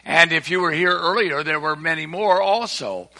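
The long reverb of an echoey hall surrounds an older man preaching as a visiting preacher in a church sanctuary. His voice is fairly high, gravelly, bright and forceful at a normal pace, and his sermon is folksy and earnest with rising emphasis.

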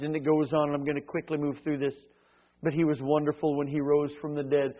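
A high-pitched man preaches a sermon, rising to loud, emphatic peaks and dropping to near hushed tones. He acts out conversations as he goes. The sound is thin and tinny, like a phone line. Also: little pitch movement, brisk. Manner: dramatic swings from loud to hushed, acts out dialogue.

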